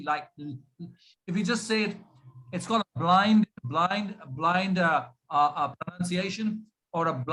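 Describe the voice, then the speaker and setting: A man teaching pronunciation over a video call, stretching out words slowly and patiently to demonstrate stress. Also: sits high, pushed and bright, rough recording. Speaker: pronunciation coach. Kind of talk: online speaking lesson.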